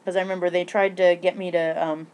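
Rambling excitable woman vlogger. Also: on the low side, fast. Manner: rambling, many restarts and fillers; excitable bursts, frequent swearing. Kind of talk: casual rambling vlog.

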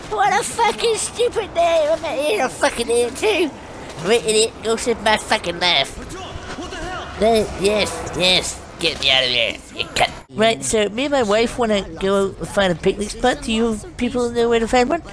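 A woman's voice: fairly high pitch, expressive, normal speed, background noise. Brash, cursing woman narrating gameplay. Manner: profane, brash, yelling at enemies. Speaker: gameplay commentator. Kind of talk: comedic let's-play commentary. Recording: game sounds loud behind the voice.

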